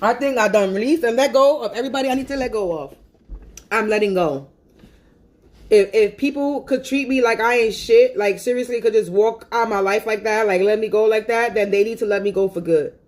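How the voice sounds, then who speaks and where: A woman's voice: on the high side, brisk, darkish tone. A woman on a phone livestream, venting angrily in a profane, repetitive rant. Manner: angry, profane and repetitive ranting.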